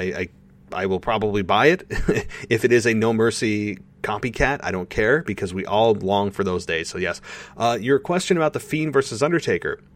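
A man hosting a podcast, answering listener questions in a casual, rambling, animated way. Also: medium pitch. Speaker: podcast host answering voicemails. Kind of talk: casual solo podcast talk.

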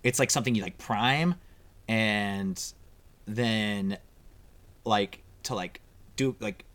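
A man on a podcast in casual chat, rambling and self-deprecating, with sudden leaps up in pitch as he talks. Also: takes it slowly, fairly bright tone. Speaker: podcast co-host. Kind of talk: casual chat recapping a TV episode.

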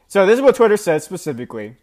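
A man's voice: high voice, big pitch swings, rapid-fire, a little mellow. A man giving casual commentary on a news story in a rambling way, with plenty of fillers. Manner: rambling, filler-heavy delivery.

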